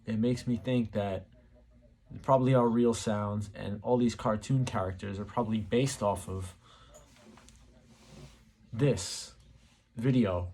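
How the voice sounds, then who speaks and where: Husky-voiced man musing casually. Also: fairly low pitch, fairly even intonation, a little slow, pauses often, a little mellow. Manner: rambling, musing, many fillers. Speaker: channel host. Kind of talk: casual talk to camera.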